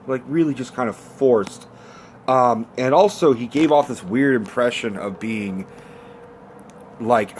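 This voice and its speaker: A man's voice: mid-range voice, a little hiss or hum. A man giving a casual, rambling movie review rant, swearing freely and filling gaps with ums and likes. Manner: rambling and profane, full of fillers. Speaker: film reviewer.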